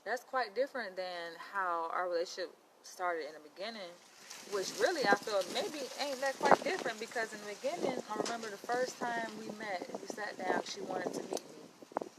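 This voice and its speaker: A woman's voice: medium pitch, normal speed, heavy background noise. A woman in training as a psychologist, talking bluntly in a casual vlog and acting out conversations as she tells them. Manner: blunt, animated, quotes people in dialogue. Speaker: vlogger.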